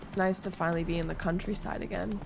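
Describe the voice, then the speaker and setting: A woman's voice: on the low side, steady tone, quick pace, vocal fry, noisy background. Rambling young woman streamer. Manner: rambling, self-deprecating, lots of fillers. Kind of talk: casual chat while gaming.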